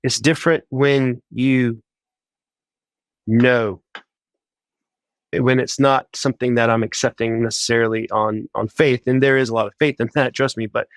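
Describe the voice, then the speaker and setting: A man of middle pitch tells his faith testimony in a relaxed, animated way. He scatters "like" through his speech and voices his own thoughts as quotes. The recording is close and dry. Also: normal speed, pauses often, no room sound. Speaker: guest sharing a faith testimony. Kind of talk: casual storytelling.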